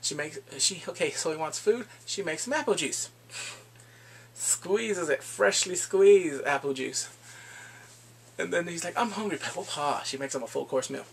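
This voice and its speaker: A man casually recapping drama episodes, animated and laughing often, acting out the characters' lines. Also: a little high, measured pace, gravelly, a little hiss or hum. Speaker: drama reviewer.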